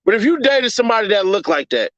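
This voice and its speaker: A man's voice: high-pitched, animated, fast, no echo, muffled recording. A man, hosting a casual livestream and ranting with profane jokes. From Chicago, USA. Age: 30s. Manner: profane joking rant, puts on mocking voices. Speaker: livestream host.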